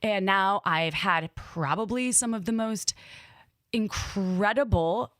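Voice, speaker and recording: A woman in her thirties co-hosting a podcast, talking in a frank, animated way that swings up and down in pitch. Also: no room sound. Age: 30s. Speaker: podcast co-host. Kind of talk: candid casual chat.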